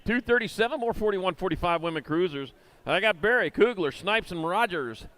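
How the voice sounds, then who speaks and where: Rapid-fire call-outs of rider names and moto numbers come from a BMX race announcer working an indoor arena, who cracks corny jokes between heats. He has a high, animated, slightly bright voice.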